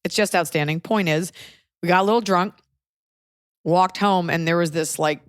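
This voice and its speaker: A woman's voice: lowish voice, normal speed, dry recording, studio quality. A woman in her thirties hosting a casual podcast, telling rambling stories in a wry way. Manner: wry, rambling storytelling with put-on voices. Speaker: comedian and podcast host.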